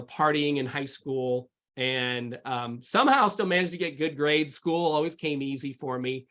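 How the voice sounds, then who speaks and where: A man's voice: mid-range voice, fairly bright tone. Candid man telling his faith story. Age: adult with sons. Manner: candid, rambling, many fillers and restarts. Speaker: podcast guest. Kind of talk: personal testimony in conversation.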